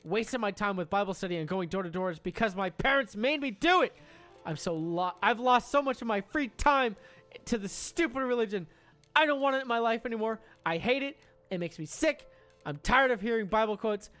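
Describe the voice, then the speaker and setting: A woman's voice: mid-range voice, fairly bright tone, pitched above the performer's own voice, lightly acted. A man voicing an exasperated young woman who angrily rants that she is sick of religion. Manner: angry, ranting.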